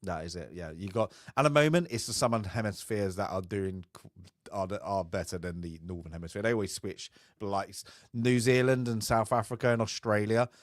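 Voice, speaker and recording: A man's voice: lowish voice, a little fast, no echo, clean studio sound. A man, co-hosting a casual chat, rambling and trailing off with easy laughs. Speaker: podcast co-host.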